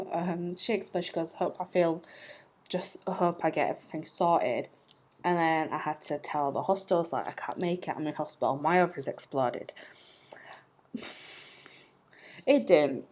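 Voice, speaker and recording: Her pitch fairly low and her tone darkish, a young woman vlogger relates a personal tale to camera. The telling is loose and talkative, full of fillers and self-deprecating laughs.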